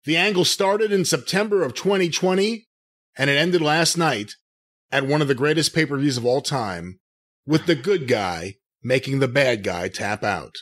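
A man co-hosting a podcast, reading out quotes and listener questions in an animated, jokey way. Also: mid-range voice, normal speed. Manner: animated, jokey, laughs easily. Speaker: podcast co-host.

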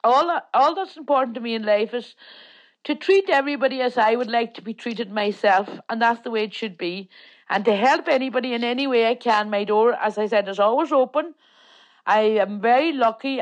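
A woman's voice: on the high side, normal speed, dull audio. Chatty older Donegal Irish woman. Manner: chatty, plain-spoken, self-mocking. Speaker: interview guest. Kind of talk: casual storytelling.

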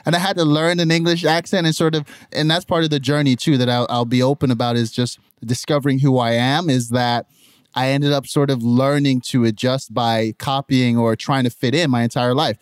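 A young adult man from Nigeria with a Nigerian accent, telling his life story in a lively, conversational way as a podcast guest. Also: clean tone, no room sound, clean studio sound. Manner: animated, jumps into high mimicking voices when quoting others.

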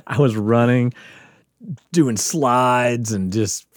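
A man from the Mississippi coast telling a wild story on a podcast, animated, profane and laughing often. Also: medium pitch, drawn-out words, dry recording, clean studio sound. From Mississippi Gulf Coast. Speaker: podcast guest. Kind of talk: casual storytelling.

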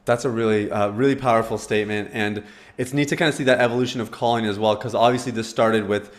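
A man's voice: lowish voice, steady tone, fast. Supportive male podcast host. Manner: supportive, rambling questions with fillers. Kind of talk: interview questions.

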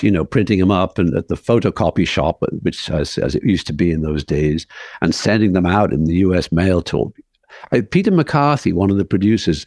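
A man's voice: low voice, dry recording, studio quality. A man, a film writer and director, telling anecdotes as a guest in an interview and acting out the people in them. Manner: lively storyteller who acts out the people in his anecdotes. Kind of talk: anecdotal storytelling in conversation.

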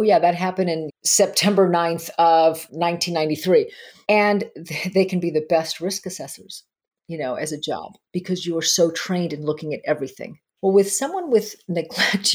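A woman therapist telling animated stories in a podcast conversation, laughing often as she talks. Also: deep voice, fairly quick, husky.

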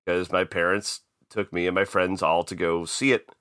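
Bright-voiced, profane man from Chicago. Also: low voice, moderate pace, no echo, studio quality. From Chicago, USA. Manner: profane, lively storyteller. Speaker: podcast co-host. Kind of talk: casual podcast chat.

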